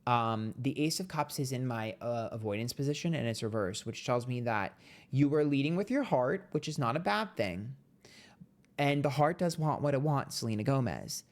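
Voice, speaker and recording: A man giving a casual monthly tarot reading, blunt and profane, chatty and playful with sudden jumps in pitch. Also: expressive, normal speed. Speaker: tarot reader.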